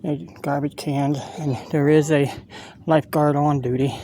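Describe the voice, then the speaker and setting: A man ambles along an outdoor levee and talks into his phone in a loose, halting way, often breaking off to warn about safe swimming. He sounds a little winded from the walk. Faint outdoor noise sits under his voice. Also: on the high side, little pitch movement, dark tone. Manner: rambling, halting, stops to give safety advice. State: out of breath from walking. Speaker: walking tour vlogger. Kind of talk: casual walking commentary. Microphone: handheld phone camera while walking.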